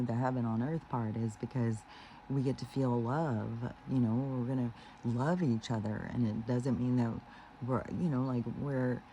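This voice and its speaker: A man giving a rambling spiritual monologue, full of fillers and restarts and slowing down on his key phrases. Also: mid-range voice, mellow, a little hiss or hum, poor audio. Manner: meandering, heavy with fillers and restarts; earnest, slows down on key phrases. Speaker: spiritual vlogger.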